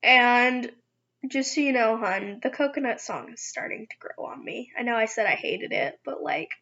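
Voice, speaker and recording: A woman's voice: a little high, moderate pace, bright, forceful tone. A young woman chatting casually in an eating vlog, rambling and giggling at herself, with a dull lo-fi recording. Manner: giggly, rambling, self-teasing. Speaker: vlogger. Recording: dull lo-fi sound.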